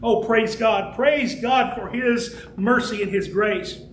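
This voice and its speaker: A man preaching a fervent sermon as pastor, building to shouts and slowing down to stress key words. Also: high voice, a little hiss or hum. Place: church sanctuary. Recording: echoey church room with faint ambience.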